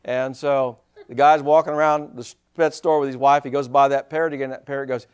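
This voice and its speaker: A male pastor preaching a sermon in an animated way, full of rhetorical questions and chuckling asides. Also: mid-range voice, brisk, clear, resonant tone.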